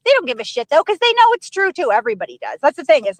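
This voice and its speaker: Woman, high voice, heated and profane storyteller, dry sound. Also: very animated, fast, no room sound, poor audio. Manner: heated, profane, mimics others' lines. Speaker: interviewee. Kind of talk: telling a story to an interviewer.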